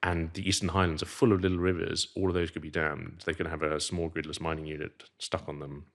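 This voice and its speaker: Middle-aged man, posh English accent, very deep voice, rambling storyteller, podcast guest. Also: level tone, fairly quick, vocal fry. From Zimbabwe. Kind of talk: casual interview chat.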